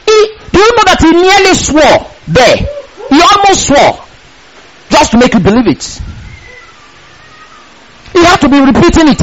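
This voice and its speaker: A man preaching a sermon, reading scripture slowly and with emphasis, then breaking into passionate shouts. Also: high-pitched, sing-song, rough recording. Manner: impassioned, rising to shouts on key lines.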